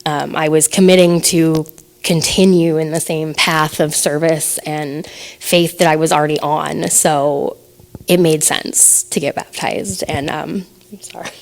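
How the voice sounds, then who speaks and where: A woman's voice: deep voice, steady tone, measured pace. A woman in her thirties giving a personal testimony to her congregation, hesitant and full of fillers, emotional and laughing nervously between phrases. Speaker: assisting minister giving a message.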